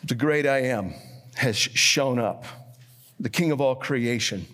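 A man preaching a sermon, swinging between hushed, low passages and emphatic, raised lines. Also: unhurried, big-room sound.

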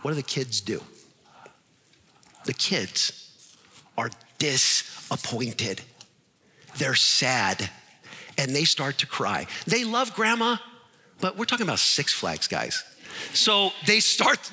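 A man preaching a sermon, animated and acting out the voices in his stories. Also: fairly high pitch, takes it slowly, pauses often, breathy edge, in a large hall. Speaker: pastor.

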